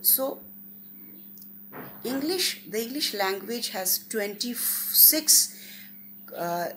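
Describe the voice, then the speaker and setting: Slow, deliberate woman lecturing. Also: a little high, lively intonation, bright, forceful tone. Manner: measured, deliberate, stresses key words. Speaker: guest lecturer. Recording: faint background noise.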